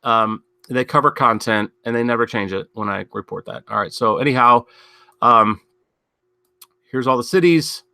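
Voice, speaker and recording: A man's voice: mid-range voice, moderate pace, sharp tone, clean tone. A man hosting a casual news commentary show, rambling and sardonic, thinking aloud with many fillers and asides. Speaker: podcast host.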